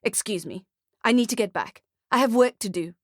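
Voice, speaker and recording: A woman's voice: mid-range voice, lively intonation, moderate pace, no room sound, clean studio sound, lightly acted. A woman voicing a scruffy, foul-mouthed male Santa who blurts mangled curses in an audiobook. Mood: protesting.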